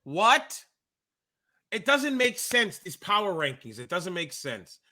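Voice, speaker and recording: A man's voice: high voice, very animated, slow pace, pushed and bright. A man co-hosting a wrestling podcast, talking in a casual chat as a worked-up fan who rants with emphatic exasperation.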